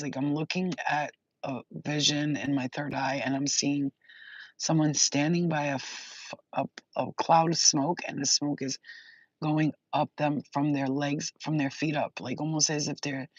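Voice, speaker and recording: A woman's voice: low-pitched, no room sound. Young woman, spiritual channeler; loose, rambling, emotional delivery with lots of cursing, on a dull lo-fi recording. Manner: rambling, emotional, swears and laughs a lot. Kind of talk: casual intuitive reading. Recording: dull lo-fi dry sound.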